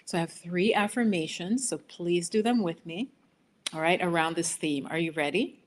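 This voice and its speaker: A woman teaching on a live stream, gently guiding listeners through slow affirmations and breathing. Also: on the low side, a little hiss or hum. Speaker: yoga and healing teacher hosting a live stream. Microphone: laptop for live video below her.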